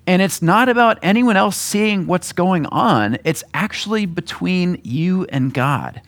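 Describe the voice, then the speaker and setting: A man giving a sermon in a relaxed, conversational way, often acting out short quoted voices to make his point. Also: sits high, unhurried, hardly any pauses. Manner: conversational, acts out little voices in his examples. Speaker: preacher.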